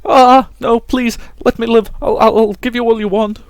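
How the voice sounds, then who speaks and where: A man's voice: on the high side, moderate pace, dry recording, pitched above the performer's own voice, lightly acted. A man voicing a cowardly male slave seller who stammers and whines as he begs for his life. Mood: begging. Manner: stammering, whiny.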